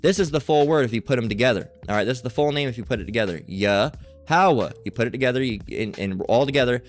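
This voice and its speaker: A man's voice: mid-range voice, racing, soft background music. Emphatic man teaching a Bible study. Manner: emphatic, keeps checking in with "all right?" and "okay?". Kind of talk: screen-share Bible study lesson.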